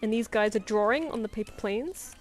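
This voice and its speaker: A woman's voice: a little high, fairly quick, a little mellow, faint music behind. A young woman chatting casually on a drawing stream, telling anecdotes with frequent laughs and acted-out quotes. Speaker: artist streaming live commissions.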